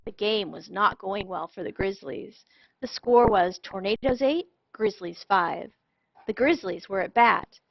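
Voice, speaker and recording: A woman reading a children's storybook aloud in an expressive, animated way. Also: medium pitch, measured pace, gravelly, slight background noise. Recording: dull lo-fi dry sound.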